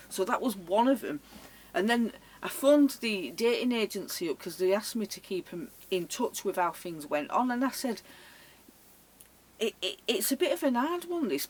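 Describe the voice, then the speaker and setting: A chatty woman spins a funny story to her camera, laughing as she goes and slipping into the voices of the people in it. Her pitch sits in the middle of the range. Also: slightly rough. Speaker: vlogger. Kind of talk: casual storytelling.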